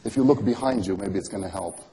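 A man's voice: fairly low pitch, quick pace, very noisy. A man performing close-up magic for a volunteer, with teasing, playful patter and constant coaxing questions. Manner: coaxing, asks many questions.

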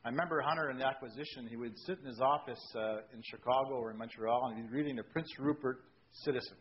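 A man's voice: mid-range voice, quick pace, lo-fi sound, slight background noise. A man, a railway executive, telling jokey anecdotes on a discussion panel.

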